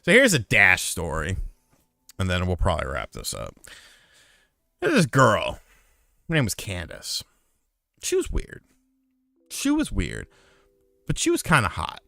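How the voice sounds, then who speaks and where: A man casually telling a profane story on a live stream, getting loud and heated when he retells a fight. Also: deep voice, huge pitch swings, measured pace, vocal fry, pauses often, no room sound, studio quality. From lived in North Carolina.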